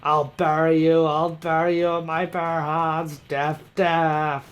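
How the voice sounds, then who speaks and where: A man voicing a ruthless, proud older male prosecutor who snarls vengeful threats, his voice a little hoarse. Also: a little high, moderate pace, lightly acted. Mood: furious, vengeful.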